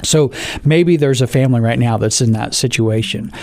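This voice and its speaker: A man shares his testimony as a podcast guest, telling it earnestly and circling back over his own words. His voice sits at a middle pitch. The recording is close and dry. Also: moderate pace, creaky, darkish tone, dry recording. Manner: earnest storytelling, repeats phrases.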